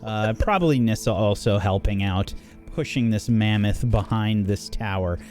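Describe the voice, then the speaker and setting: A man narrating as the game master of a tabletop game, in halting, measured narration. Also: lowish voice, music in the background.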